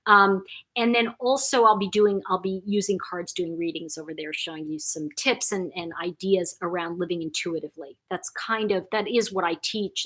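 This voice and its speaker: A woman's voice: mid-range voice, a bit bright. Chatty woman hosting a live stream. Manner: chatty and effusive, with many restarts and fillers. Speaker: host of a live chat channel. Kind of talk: casual live-stream chat reading viewer comments.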